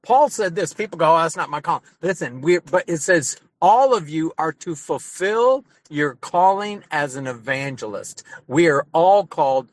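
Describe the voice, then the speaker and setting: A pastor preaches fervently within a group discussion, piling up repeated phrases and climbing to loud bursts. His voice sits fairly high for a man. The call sound is plain and close. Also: expressive, moderate pace, few pauses, dry recording. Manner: emphatic and fervent, with repetition and rising bursts.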